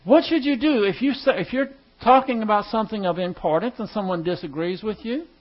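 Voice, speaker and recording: Guy with a high voice teaching a class, chatty, keeps asking the room stuff, muffled lo-fi sound. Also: brisk. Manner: conversational, asks the class questions. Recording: dull lo-fi recording.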